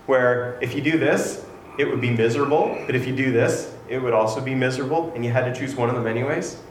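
A man's voice: mid-range voice, fast talker. Earnest preaching man in an echoey room. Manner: earnest, conversational preaching with rising emphasis. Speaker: pastor. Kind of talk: sermon. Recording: echoey room with faint noise.

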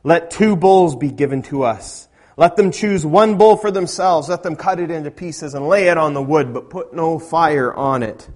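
A male preacher voicing a bold, defiant male prophet, speaking loud and ringing in a dramatic sermon retelling. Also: a little high, normal speed, few pauses, voice pushed up, lightly acted.

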